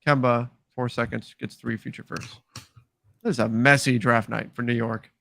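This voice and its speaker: A man's voice: mid-range voice, fairly even intonation, normal speed, gravelly, bright, forceful tone, no room sound, studio quality. A man co-hosting a casual live stream, easygoing and agreeable. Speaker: podcast co-host.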